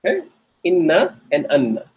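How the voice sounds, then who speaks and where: A man's voice: a little high, wildly swooping pitch, normal speed, narrow, tinny audio. A man teaching an online grammar lecture, patiently repeating points and checking in with the class. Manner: patient, repetitive, checks in with "okay?". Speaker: Arabic teacher.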